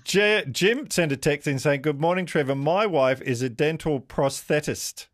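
A man with an Australian accent hosting live talkback radio in a studio, brisk and chatty, giving the number and reading texts. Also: a little high, dry recording. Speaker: radio host.

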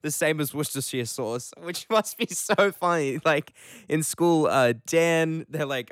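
A man's voice: fairly high pitch, unhurried, a bit bright, clear, resonant tone, no room sound, studio quality. A man with an Australian accent hosting a morning radio show, chatting casually and laughing often through his stories. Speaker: radio host.

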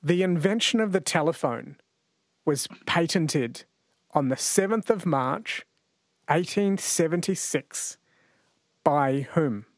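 A man's voice: a little high, animated, slow pace, pauses often, no room sound. A man hosting a radio quiz show in a chatty, jokey way. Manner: chatty, jokey, laughs easily. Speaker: radio host. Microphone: studio microphone.

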